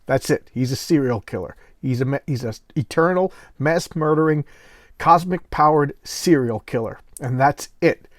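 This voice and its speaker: A man hosting casual comic book commentary, retelling a story in an animated, rambling way. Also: on the high side, moderate pace, no room sound, clean studio sound.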